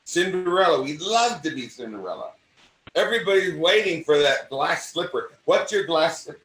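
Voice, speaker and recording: Older man acting coach, mid-Atlantic speech, fairly high voice, rambling chat, echoey room, off-mic. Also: moderate pace, recorded from a distance. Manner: animated, rambling, self-interrupting. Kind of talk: casual conversation.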